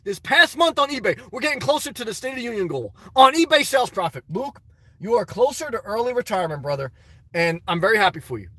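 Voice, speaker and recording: A man's voice: high voice, very animated, quick pace, bright, forceful tone, no echo. A middle-aged man chatting casually on a live stream from his parked car, reading out viewers' messages and calling them brother.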